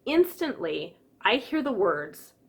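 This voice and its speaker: A woman coaching stress relief in a lively teaching manner, acting out little quoted reactions as she explains. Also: medium pitch, takes it slowly. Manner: lively, acts out quotes with exclamations. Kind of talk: teaching an online class.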